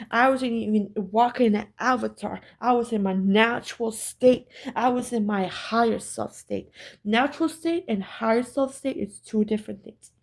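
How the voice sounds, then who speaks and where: A woman tells a story straight to her viewers in an intense, emphatic way, repeating herself and swearing. Her voice sits fairly high, with a gravelly fry and a husky edge. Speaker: spiritual storyteller. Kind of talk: casual story time monologue.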